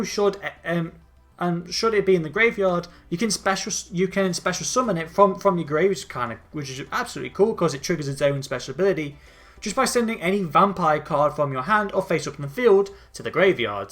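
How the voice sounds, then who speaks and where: A man's voice: sits high, fairly bright tone. A man casually walking through a card game deck, chatty and prone to stumbling over names and restarting. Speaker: gaming channel host.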